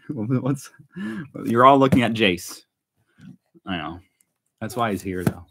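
A man's voice: on the low side, slow, sharp tone, slightly rough. A man hosting a casual unboxing vlog, chatting and laughing often as he opens parcels. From United States. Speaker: vlog host. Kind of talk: casual chat while unboxing.

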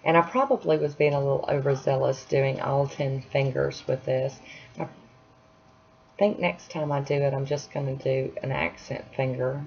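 A woman's voice: a bass voice, fairly even intonation, normal speed, vocal fry, darkish tone. A woman chatting casually through a nail art tutorial at home, apologetic and self-deprecating as she works. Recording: dull lo-fi sound, faint hiss.

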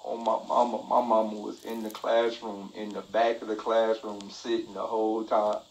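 A man telling a comic story on a live stream, animated and laughing, with frequent exclamations. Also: fairly low pitch, moderate pace, poor audio. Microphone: phone mic.

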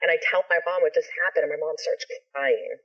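A low-pitched, fast-talking woman, a ska musician and actor, guests on a video call whose audio is dull and lo-fi. In casual chat she animatedly tells a story, swearing freely and acting out what others said.

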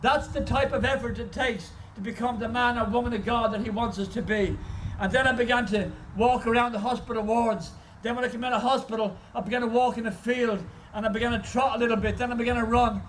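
A man's voice: extremely high pitch, steady tone, fast, recorded from a distance, slight background noise, low-quality recording. A man preaching an impassioned sermon as a guest speaker, telling stories at an outdoor car park service.

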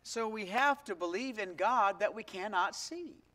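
A man's voice: high-pitched, animated, a little slow. A man who is a pastor, leading a prayer and then preaching to his congregation, asking them questions and stressing key words. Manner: prays softly, then preaches with rising emphasis and questions to the congregation. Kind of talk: sermon. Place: church sanctuary.

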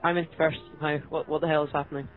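A man's voice: a little high, quick pace. A young man hosting a gameplay video, chatting casually and yelping and groaning as he races with friends. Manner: excitable, yelps and groans at the game. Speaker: gaming channel host. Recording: dull lo-fi mic.

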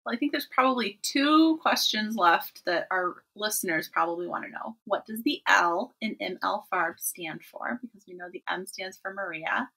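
Bright, husky-voiced woman podcast host. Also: medium pitch, lively intonation, moderate pace, few pauses, poor audio. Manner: enthusiastic, laughs often. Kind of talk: casual interview chat.

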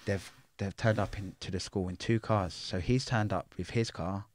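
A man's voice: deep voice, steady tone, normal speed, no echo. A middle-aged man, telling his life story bluntly in an interview, full of swearing and street slang. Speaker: interview guest.

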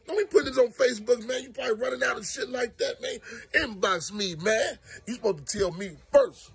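A young man ranting loudly and comically, swearing and exasperated, talking from outdoors and in a car. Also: extremely high pitch, lively intonation, brisk, creaky, breathy edge. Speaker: comedian. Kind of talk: profane comedic rant.

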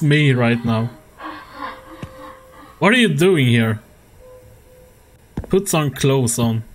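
A man's voice: medium pitch, expressive, slow, long pauses, background noise. A man commenting on a horror game as he plays it, swearing often and laughing at his own frustration. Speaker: gaming YouTuber. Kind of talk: let's play commentary.

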